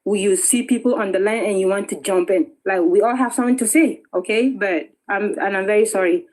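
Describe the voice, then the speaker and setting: A woman's voice: medium pitch, brisk, a little mellow, poor audio. A woman hosting a live online call-in discussion. She keeps callers in line firmly and assertively, and she repeats herself when her words catch. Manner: firm, assertive, stutters when angry. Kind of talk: moderating a heated call-in.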